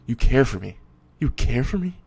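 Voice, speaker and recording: A man's voice: medium pitch, big pitch swings, normal speed, gravelly, darkish tone, breathy edge, pitched above the performer's own voice, heavily acted. A man voicing an enraged, bitter teenage boy who swears and seethes at those who wronged him. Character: furious bullied teenage boy hero.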